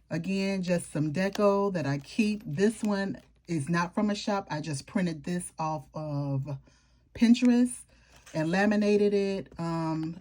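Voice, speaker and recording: A woman's voice: fairly low pitch, dark tone. A woman chatting casually to her viewers as she flips through her planner, informal and talkative, with homey slang. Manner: chatty, informal, talks straight to viewers with southern-style slang. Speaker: planner vlogger. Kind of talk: casual show-and-tell chat.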